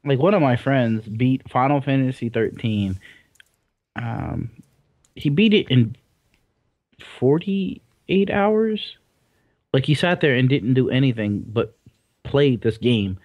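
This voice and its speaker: Young man, casual podcast co-host, rambling, teasing, mid pitch, dry sound. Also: expressive, slow, pauses often, dry recording, phone-quality sound. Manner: laid-back, rambling, teasing.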